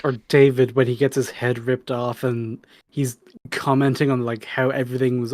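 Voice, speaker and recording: A man's voice: medium pitch, level tone, moderate pace, a little mellow, no room sound, clean studio sound. A man co-hosting a podcast, chatting casually and sarcastically about a film and swearing as he rants. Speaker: podcast co-host. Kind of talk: casual movie-review chat.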